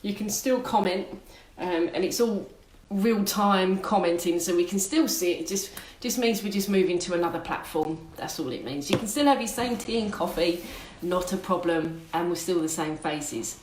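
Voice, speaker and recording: A woman's voice: on the low side, moderate pace, darkish tone. A woman co-hosting a live-streamed coffee morning from home, chatting in a bubbly, storytelling way. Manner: bubbly, laughs easily, storytelling. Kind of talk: casual chat. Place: home room. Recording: echoey room, faint background noise.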